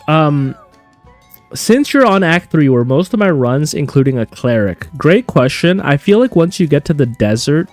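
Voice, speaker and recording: A male streamer talks viewers through his game in a chatty, animated way. His pitch jumps all over the place as he goes, and faint game music plays underneath. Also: measured pace. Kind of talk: live gameplay stream commentary.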